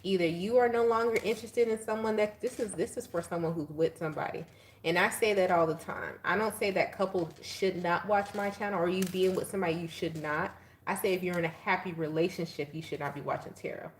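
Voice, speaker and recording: A woman doing a casual live tarot reading, chatty and animated, laughing as she talks to viewers. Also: on the low side, a little fast. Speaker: tarot reader.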